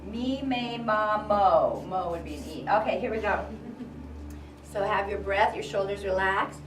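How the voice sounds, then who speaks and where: A woman's voice: medium pitch, moderate pace. A woman leading a confidence and voice workshop, encouraging a crowded room of girls through breathing exercises. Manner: encouraging, leads group exercises, loud counting drills. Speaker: workshop coach. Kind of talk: live workshop talk to a group. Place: crowded room with a group standing. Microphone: far room recording. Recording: echoey room from a distance with music.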